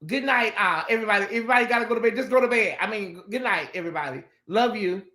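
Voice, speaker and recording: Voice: mid-range voice, rapid-fire, sharp tone, roomy sound. A livestream host doing sassy, dramatic chat commentary and talking straight to the viewers.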